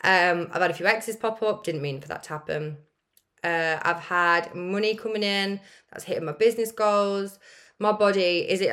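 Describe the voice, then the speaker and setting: A woman hosts a podcast in a casual, confiding way, sprinkling her talk with fillers. Her voice sits a little low for a woman. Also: fairly bright tone. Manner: chatty, confiding, many fillers. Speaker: podcast host. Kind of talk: casual chat.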